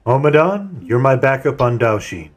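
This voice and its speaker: Male raid leader, mid-pitched, measured and organized, light music underneath. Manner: calm, methodical, assigns tasks. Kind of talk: voice chat while gaming.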